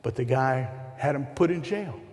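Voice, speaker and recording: A man's voice: mid-range voice, animated, normal speed, darkish tone. Man preaching in a reverberant hall. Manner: conversational preaching with rhetorical questions. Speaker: pastor. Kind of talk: sermon.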